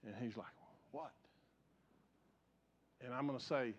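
A man preaching a sermon as pastor, telling stories earnestly and dropping from raised emphasis to hushed, quiet passages. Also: medium pitch, unhurried, pauses often. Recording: dull lo-fi sound.

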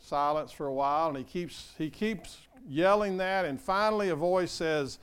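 Earnest older pastor with a clear voice. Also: male voice, medium pitch, a little slow. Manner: earnest, conversational, asks the congregation questions. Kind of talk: sermon.

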